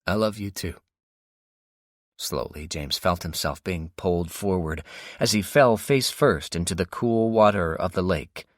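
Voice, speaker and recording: Deep-voiced man narrating an audiobook. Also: no echo, studio quality. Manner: steady, measured storytelling. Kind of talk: scripted narration.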